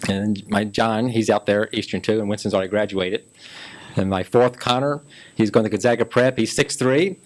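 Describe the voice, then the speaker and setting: A man's voice: fairly low pitch, fairly even intonation, normal speed. A man in his fifties from Memphis, Tennessee, a city council candidate telling his life story in a folksy, chatty way during an interview. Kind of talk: casual interview chat.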